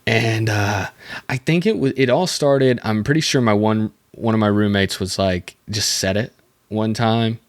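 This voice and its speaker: A man's voice: on the low side, unhurried, no echo. A young man hosting a casual solo podcast, rambling through a story with lots of fillers and restarts, chuckling at himself. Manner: self-amused, chuckling at his own stories. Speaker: podcast host.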